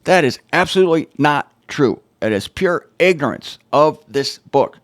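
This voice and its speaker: Animated man giving wry Bible teaching. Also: on the high side, normal speed, no room sound, clean studio sound. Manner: emphatic and animated, with wry sarcastic asides. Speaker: Bible teacher and show host. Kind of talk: informal Bible teaching to camera.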